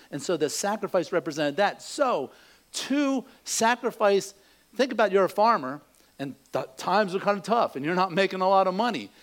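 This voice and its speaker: A man's voice: sits high, lively intonation, moderate pace. A man preaching a sermon, telling a joke in a folksy storytelling way before teaching from scripture. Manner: folksy storytelling, acts out voices in jokes. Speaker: pastor.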